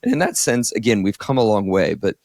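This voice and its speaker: A man's voice: lowish voice, sing-song, brisk, darkish tone, dry recording, studio quality. A man in his thirties from Northeast Ohio, a therapist co-hosting a podcast, telling a personal story candidly, with many "like"s. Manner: candid, heavy use of "like", emotional storytelling. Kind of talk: casual podcast conversation.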